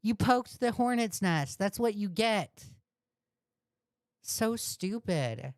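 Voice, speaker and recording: A woman's voice: mid-range voice, animated, takes it slowly, no room sound, studio quality. A woman host ranting on a commentary livestream, profane and indignant, repeating insults. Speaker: commentary streamer.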